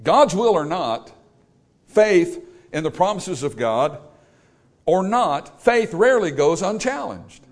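A man's voice: high voice, slow. A man preaching a sermon, storytelling and acting out the people he quotes. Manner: animated, acts out quoted voices.

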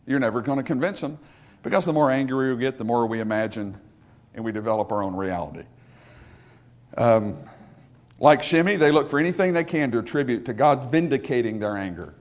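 A man's voice: mid-range voice, expressive, fairly quick. A male pastor preaching a sermon, emphatic and repetitive, calling out for amens from the congregation.

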